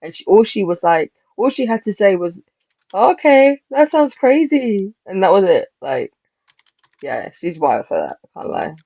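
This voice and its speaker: Gravelly woman, rambling reality-show review. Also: fairly low pitch, normal speed, no room sound. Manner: animated, rambling, laughs while acting out quotes. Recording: slightly dull lo-fi mic.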